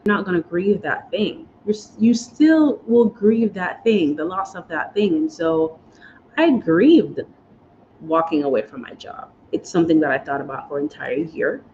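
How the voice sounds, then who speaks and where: A woman tells her own story to her viewers, chatty and fighting back tears, and calls them y'all. Her voice sits a little low. The recording sounds slightly muffled, with a faint hiss behind it. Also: expressive, moderate pace, darkish tone. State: choked up with emotion. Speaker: vlogger sharing moving-abroad experiences. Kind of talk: emotional personal storytelling.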